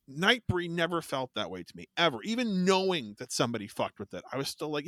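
A man's voice: mid-range voice, big pitch swings, fairly quick, hardly any pauses, bright, forceful tone, no room sound, studio quality. A man co-hosting a casual horror podcast, rambling with many restarts and casual swearing. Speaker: podcast co-host. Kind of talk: casual chat.

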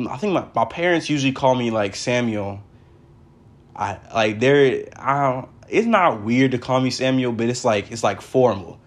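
A young man hosting a casual solo podcast from his brother's house, rambling with lots of fillers. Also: medium pitch. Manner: rambling, many fillers like "like" and "for real". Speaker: podcast host.

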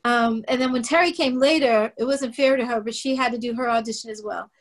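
A woman's voice: fairly high pitch, fairly even intonation, brisk. A middle-aged woman from Oakland, California, telling her story in an interview and animatedly acting out the voices she quotes. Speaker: guest singer.

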